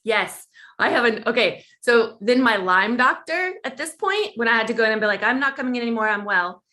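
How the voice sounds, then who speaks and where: A woman guest on a podcast, telling a personal story in conversation and acting out the quoted dialogue with big jumps in pitch. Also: lively intonation, brisk, bright, forceful tone.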